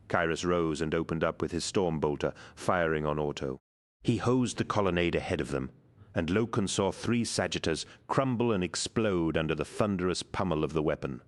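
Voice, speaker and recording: A man narrating an action audiobook in a measured, dramatic reading. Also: deep voice. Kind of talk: scripted narration.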